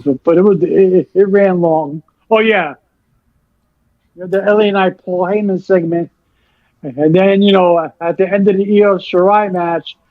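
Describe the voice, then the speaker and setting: A man co-hosting a casual wrestling chat, excitable and swearing as he retells scenes. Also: fairly high pitch, gravelly, dry recording, phone-quality sound. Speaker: co-host.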